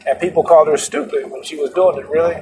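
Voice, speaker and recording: A man's voice: fairly high pitch, quick pace. A man hosting his own show, talking in a loose, rambling monologue, laughing often and restarting his sentences. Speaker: podcast host. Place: moving vehicle. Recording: road noise in a car. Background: road noise.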